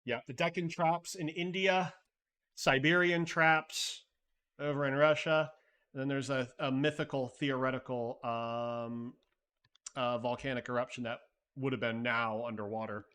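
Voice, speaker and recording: A man's voice: medium pitch, steady tone, a little slow, a bit bright, clear, resonant tone. A man hosting a live stream, chatting loosely and thinking aloud while answering viewer messages, with casual swearing. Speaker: livestream host.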